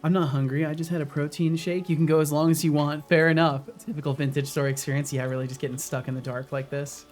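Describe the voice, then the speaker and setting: A man's voice: a little high, flat delivery, fast talker, hardly any pauses, darkish tone, faint music behind. A man live-streaming a video game, chatting casually with his viewers and swearing often. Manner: swears often, talks to chat while playing.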